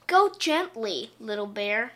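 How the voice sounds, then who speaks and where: A woman voicing a gentle, weary Daddy Bear. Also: on the high side, sing-song, takes it slowly, heavily acted. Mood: coaxing. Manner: gentle, coaxing, sing-song. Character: patient, weary father bear coaxing his cub.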